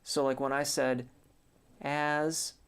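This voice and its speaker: A man, a singing teacher, answers viewers' questions in a relaxed live stream, thinking aloud with many fillers. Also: medium pitch, measured pace, gravelly. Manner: reads viewer comments aloud and answers them. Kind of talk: casual live-stream chat.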